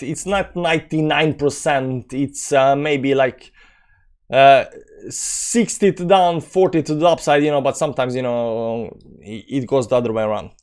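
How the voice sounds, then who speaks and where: A man with a Balkan accent hosting a live crypto stream, rambling with many fillers as he reads and answers viewer comments. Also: fairly high pitch. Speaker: crypto channel host. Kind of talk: live-stream chat reading.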